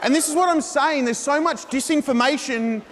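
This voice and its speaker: High-voiced man ranting on stage. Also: moderate pace, a crowd in the background, background noise. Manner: mock-earnest, ranting delivery. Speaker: stand-up comedian. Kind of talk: stand-up comedy set. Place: large theatre stage. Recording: live hall recording with reverb.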